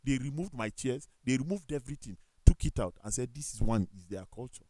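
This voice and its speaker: A man with a Nigerian accent, speaking as a talk show panelist. He tells animated stories, acts out the dialogue, and corrects himself as he goes. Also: mid-range voice, fairly quick, no echo. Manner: animated storytelling with quoted dialogue and self-corrections. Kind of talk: casual studio discussion.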